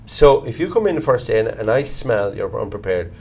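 A middle-aged Irish actor being interviewed, talking bluntly and swearing casually as he tells animated stories. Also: lowish voice, brisk, a little hiss or hum. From Ireland. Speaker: actor, guest. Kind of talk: candid conversational interview.

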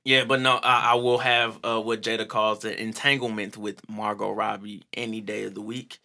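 A man co-hosting a casual chat, animated and profane, laughing often and acting out quotes. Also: fairly low pitch, moderate pace, creaky.

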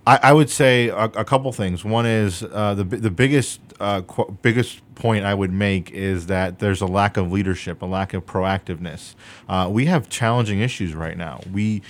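A young man running for state senate, answering interview questions earnestly with many fillers. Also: lowish voice. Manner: earnest, measured with frequent fillers.

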